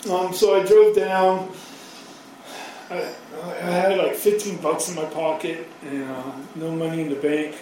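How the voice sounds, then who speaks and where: A man in his thirties tells his story in a rambling, self-mocking way, swearing freely. His voice sits high for a man. It reaches the mic from a distance in a hall with heavy echo, with faint noise behind. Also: level tone, a little slow, a little mellow. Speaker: speaker sharing his recovery story. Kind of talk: personal storytelling. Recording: very echoey hall, from far off.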